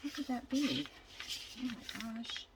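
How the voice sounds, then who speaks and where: A woman's voice: on the high side, very animated, slow pace, heavy background noise. An older woman chatting casually as she works on a craft project, thinking aloud and telling a long, rambling story. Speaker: junk journal crafter.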